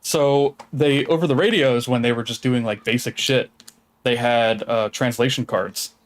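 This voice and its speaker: A man streaming a game, chatting in a relaxed, rambling way and swearing casually. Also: mid-range voice, normal speed, poor audio. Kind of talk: casual chat while gaming.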